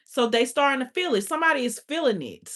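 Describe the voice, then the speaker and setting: A woman's voice: high voice, lively intonation, fast talker, fairly bright tone. A woman giving a casual spoken tarot reading, blunt and profane, with constant filler "like". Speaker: tarot reader.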